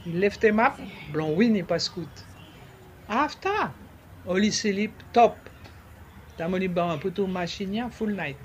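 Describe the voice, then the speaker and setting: High-voiced man. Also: animated, a little hiss or hum. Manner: halting, repeats words, slips into French. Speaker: interviewee. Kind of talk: conversational explaining.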